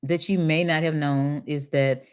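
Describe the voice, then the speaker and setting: A woman's voice: deep voice, steady tone, measured pace, clear, resonant tone. An older woman from Detroit reading political promises aloud to a live chat and answering them with sarcastic, indignant asides. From Detroit, USA. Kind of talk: casual livestream commentary.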